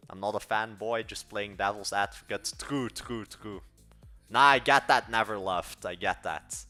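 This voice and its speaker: Bright-voiced Belgian teen streamer. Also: male voice, mid-range voice. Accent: Belgian, mixed European-sounding. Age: late teens. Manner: rambling, self-correcting, blunt opinions. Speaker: livestreaming coder. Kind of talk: casual livestream chat answering viewers.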